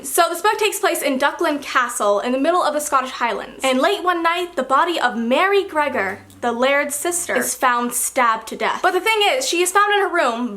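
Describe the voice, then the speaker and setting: A high-pitched American woman with a bright, sharp tone, talking casually to her viewers. She sounds bubbly and enthusiastic, a book vlogger chatting to her audience. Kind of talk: casual vlog chat.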